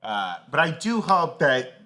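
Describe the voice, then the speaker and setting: Male podcast co-host: bright, animated delivery, meandering and filler-heavy. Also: a little high, measured pace. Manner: rambling, many "you know" fillers. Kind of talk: casual chat.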